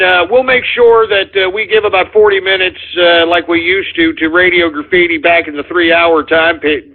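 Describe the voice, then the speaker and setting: A man hosting a call-in radio show who swears a lot and rants in exasperation. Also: sits high. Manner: profane, exasperated ranting. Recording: tinny phone-like audio.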